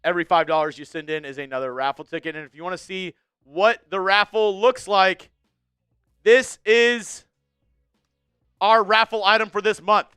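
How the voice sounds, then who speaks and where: A young man hosting a live sports talk stream, chatting casually and ranting with a fan's animated energy. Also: high-pitched, moderate pace, clear, resonant tone, dry recording, clean studio sound, soft background music. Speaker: sports show host.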